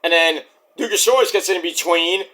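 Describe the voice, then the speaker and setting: A man's voice: high voice, normal speed, bright, forceful tone. A man recapping a wrestling show in a casual, rambling vlog with profane asides.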